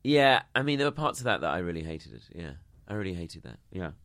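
A woman with an unusually low voice chats casually, her pitch swinging widely as she reacts. The sound is dry and close. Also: dry recording. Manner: expressive, quick reactions, playful asides. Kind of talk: casual chat.

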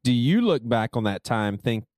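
A man's voice: medium pitch, very animated, normal speed, darkish tone, no room sound, clean studio sound. A man co-hosting a podcast, chatty and laughing often as he tells stories. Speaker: podcast host. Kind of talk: casual conversation.

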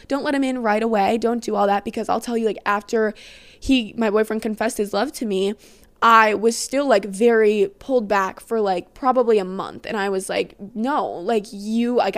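A woman's voice: on the high side, no echo. A young woman hosting a podcast, giving blunt, sassy dating advice in a casual monologue, peppered with "like" and swearing. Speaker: podcast host.

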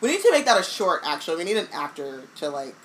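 Young woman chatting on a podcast, kinda low voice, says like a lot, faint hiss behind her. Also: quick pace, poor audio. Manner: animated, lots of "like", acts out characters in silly voices. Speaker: podcast co-host. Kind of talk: casual chat. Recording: faint background noise.

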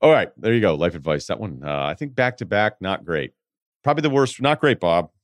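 Brief: young male podcast host, low voice, dry close sound, blunt and rambling with casual swearing. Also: very animated, a little fast, no room sound. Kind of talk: casual advice talk.

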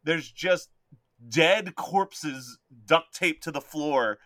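A young man co-hosting a podcast in casual chat, telling animated stories and laughing often mid-sentence. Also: on the high side, very slow. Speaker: podcast co-host. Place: home basement.

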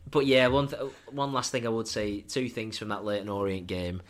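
A man's voice: lowish voice, steady tone, normal speed. A young man, co-hosting a podcast and telling rowdy, laughing football stories, saying "were" for "was". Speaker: podcast co-host. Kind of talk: casual chat.

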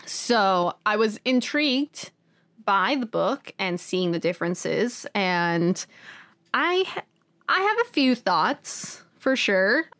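A woman co-hosting a book podcast in unhurried, chatty casual talk. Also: medium pitch, big pitch swings, fairly bright tone. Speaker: podcast co-host. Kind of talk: casual chat.

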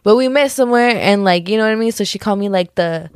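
A young woman chats alone on her podcast in a loose, rambling way, stacking filler words and laughing off her own remarks. Her voice sits at an ordinary middle pitch. The sound is dry and close, with no room around it. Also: fast talker, clear, resonant tone, no room sound. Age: young adult. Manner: rambling, giggly, self-correcting, lots of "like" and "just kidding". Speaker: podcast host. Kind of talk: casual solo podcast chat.

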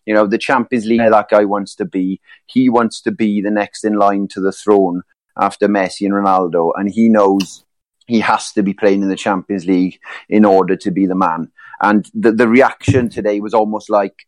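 Low, rambling male co-host. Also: fairly even intonation, moderate pace, no echo. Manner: rambling, many fillers and restarts. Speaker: podcast co-host. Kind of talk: casual football chat.

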